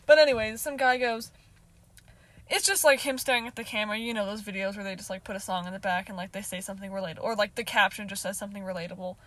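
A woman's voice: mid-range voice, fairly even intonation, quick pace, fairly bright tone. A young woman in her twenties telling a casual storytime to her viewers, talking loosely with a lot of filler and swearing, laughing now and then. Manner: chatty, heavy filler "like", frequent swearing, laughs often. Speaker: vlogger.

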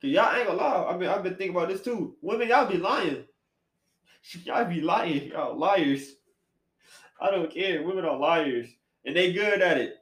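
A man hosting a casual podcast chat, animated and slangy, swinging between loud bursts and quiet asides. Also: high-pitched, normal speed. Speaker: podcast host. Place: apartment room. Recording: echoey room.

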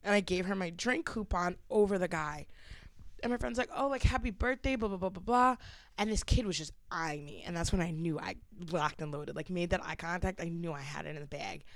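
A young woman, hosting a podcast and telling a story in lively casual chat, laughing often. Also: on the low side, a little fast, dry recording. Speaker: podcast host.

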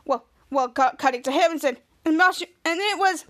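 This podcast host speaks at a moderate pace with hardly any pauses, her slightly bright voice captured in a dry, clean studio recording. She recaps a TV episode casually, scene after scene, voicing quotes at a raised pitch and often beginning sentences again.

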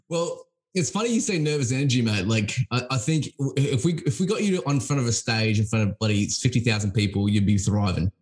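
An Australian man hosting a podcast, casual and teasing, tripping over repeated words as he gets excited. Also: medium pitch, fairly quick. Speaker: podcast host. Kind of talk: casual interview chat.

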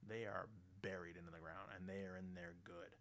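A middle-aged man hosting a radio show, ranting bluntly and swearing constantly, loud and animated. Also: low voice, fairly quick, vocal fry. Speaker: radio host. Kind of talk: profane ranting monologue.

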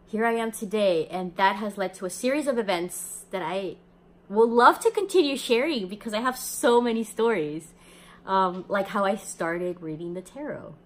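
Young female podcast host, chatty storyteller, laughs easily, faint noise behind her. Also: mid-range voice. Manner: chatty, laughs often, acts out quoted voices. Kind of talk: personal storytelling.

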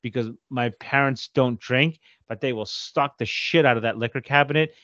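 A man co-hosting a podcast, telling stories in profane, animated casual chat and slipping into quick impressions. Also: medium pitch, dry recording, dull audio. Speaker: podcast co-host.

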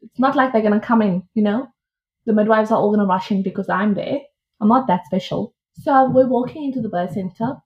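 A woman tells a personal story as a podcast guest, chatty and lively, and acts out the lines of the people in it. Her voice sits in a middle range for a woman. The recording sounds a little dull and lo-fi. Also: mid-range voice, brisk. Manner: lively, chatty retelling with quoted dialogue. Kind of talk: casual storytelling.

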